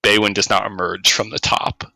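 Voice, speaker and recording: A man running a tabletop game as game master, narrating at an unhurried pace with frequent hesitations. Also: lowish voice, level tone, vocal fry, sharp tone, no echo, rough recording.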